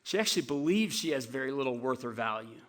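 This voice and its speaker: A man preaching a sermon as pastor, telling a story in an animated way with frequent stammered restarts, in a church. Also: medium pitch, quick pace. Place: church sanctuary.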